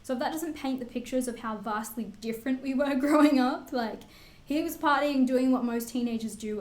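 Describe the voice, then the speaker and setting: A woman's voice: mid-range voice, darkish tone, reverberant. A woman in her twenties with an Australian accent, chatting candidly to camera as a vlogger, swearing freely with lots of fillers. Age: 20s. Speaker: beauty vlogger. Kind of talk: casual chat answering assumptions.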